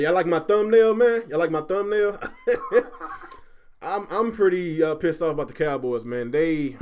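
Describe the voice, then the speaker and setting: A man hosting a casual gaming livestream, animated and quick to swear when riled up. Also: on the high side. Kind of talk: casual chat.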